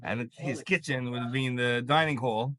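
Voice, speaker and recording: A man, a rabbi teaching a class, telling stories in a lively way and acting out the characters' lines. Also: mid-range voice, normal speed, a crowd in the background. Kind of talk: storytelling Torah class.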